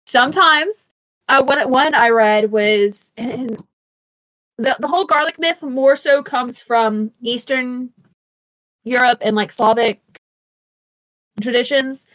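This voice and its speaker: A woman's voice: sits high, takes it slowly, pauses often, a bit bright, no echo. A woman hosting a podcast in a chatty, casual way, with lots of fillers and restarts and frequent giggles. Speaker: podcast host.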